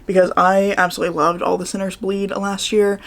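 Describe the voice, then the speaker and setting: Slightly hoarse, gravelly woman chatting books. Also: mid-range voice, level tone, a little fast. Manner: chatty, upbeat, rambling with fillers. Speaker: book vlogger. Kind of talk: casual book haul chat.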